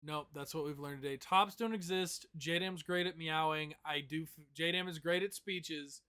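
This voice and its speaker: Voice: fairly even intonation, moderate pace, sharp tone, clear, resonant tone. A tabletop game player chatting casually on a voice call, playful and teasing. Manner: playful, teasing, breaks into high meows. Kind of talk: casual chat before a game session.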